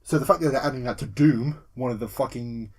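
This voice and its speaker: A man with a slightly husky, breathy voice chats on a gaming podcast, getting worked up as he retells scenes. He swears casually and breaks into sudden yelps and laughter when something excites him. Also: medium pitch, fast talker. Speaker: podcast co-host.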